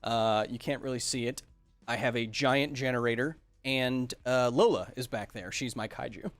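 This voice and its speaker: A man's voice: medium pitch, normal speed, no echo. Upbeat science podcast host, man. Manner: enthusiastic, jokey, reads chat comments aloud. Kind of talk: casual livestream Q&A.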